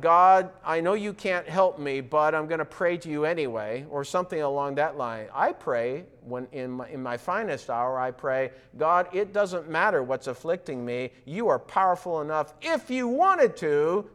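A male pastor delivering a sermon in a slightly higher-than-usual voice. He preaches earnestly, pushing key lines up with emphasis and slipping into acted-out quotes and conversational asides. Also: a bit bright, clear, resonant tone. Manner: acts out quoted voices in dialogue.

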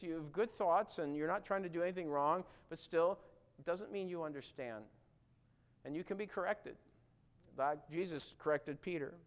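A male preacher delivers a sermon in a smooth, resonant voice that sits a little high for a man. He talks earnestly, puts questions straight to his listeners, and acts out quoted lines with mounting emphasis.

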